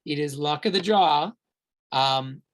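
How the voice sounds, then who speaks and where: A man's voice: a little high, slow pace. A man who guides tours, answering viewer questions live in a chatty, rambling way with many fillers and restarts. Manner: enthusiastic, recommends warmly. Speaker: tour guide hosting a virtual tour.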